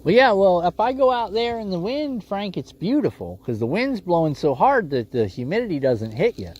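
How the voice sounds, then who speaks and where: A man's voice: high voice, very animated, moderate pace, darkish tone, muffled recording. A man hosting a fishing livestream from a windy lake, chatting casually and joking with his viewers, laughing often.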